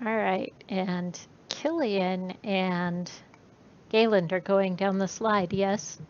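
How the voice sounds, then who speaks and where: A woman narrating as game master of a tabletop game, unhurried and using many fillers. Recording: muffled recording with faint rumble.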